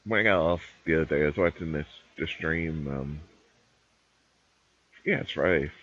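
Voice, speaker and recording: A man's voice: a bass voice, normal speed. A man streaming live, chatting casually and rambling through opinions while he games. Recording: dull lo-fi dry stream mic.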